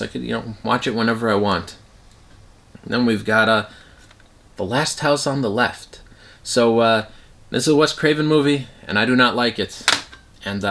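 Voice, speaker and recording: A man's voice: mid-range voice, a bit bright. A man talking casually at home about his movie collection, rambling with many fillers and restarts.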